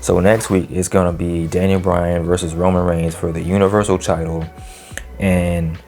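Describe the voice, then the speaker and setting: Low-voiced man giving a chatty review. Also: flat delivery, normal speed, darkish tone. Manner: loose and chatty, full of fillers and slang; laughs often between remarks. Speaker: wrestling show reviewer. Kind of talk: casual solo review vlog.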